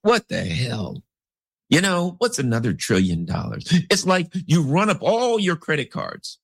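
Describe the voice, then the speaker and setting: A husky-voiced man riffing through a casual commentary, his pitch leaping high and dropping low as he rambles. His voice sits low and close in a dry, dead space. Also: unhurried, no room sound. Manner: rambling, animated, swoops into big pitch jumps; acts out characters in anecdotes.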